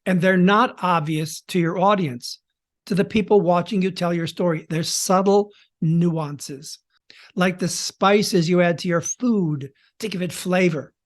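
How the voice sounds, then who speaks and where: A man hosting a podcast as a storytelling coach, teaching in a theatrical way with dramatic pauses and shifts in tempo and volume. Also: high-pitched.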